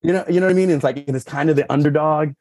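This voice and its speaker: Very fast and somewhat dark in tone, a man who works as a sommelier spins stories as a podcast guest, recorded with no room sound. The chat is casual and rambling, peppered with "like" and "you know," and quoted dialogue gets acted out with a higher pitch.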